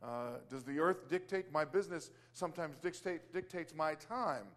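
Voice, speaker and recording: A man with a notably high voice shares a casual faith testimony in a loose, rambling way. He restarts his sentences, leans on fillers, and breaks out into exclamations of praise as he goes. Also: moderate pace, fairly bright tone. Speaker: Christian business owner sharing testimony.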